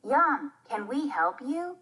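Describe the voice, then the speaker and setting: A woman's voice: sits high, very animated, slow, pushed and bright, husky, heavily acted. A woman reading the part of an eager young boy in a children's play.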